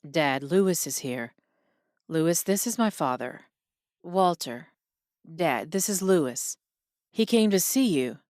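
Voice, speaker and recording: A woman voicing a grown son, soft and hesitant as he talks to his dying father. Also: low-pitched, animated, slow, pauses often, dry recording, clean studio sound. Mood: worried. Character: grown son, anxious and torn.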